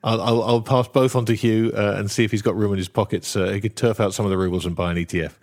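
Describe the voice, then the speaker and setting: Hesitant low-voiced male host. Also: steady tone, fast, darkish tone. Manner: hesitant, many ums and restarts. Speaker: interview host. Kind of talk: hosting an interview.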